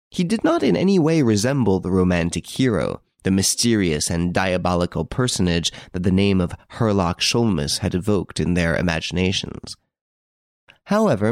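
Man, audiobook narration, low voice, gravelly, lively intonation, dry close recording. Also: dry recording.

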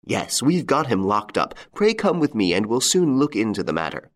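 A man reading aloud voices a brisk, talkative swindler posing as a police inspector. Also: fairly low pitch, sing-song, voice pushed up. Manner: brisk, bluff, chatty.

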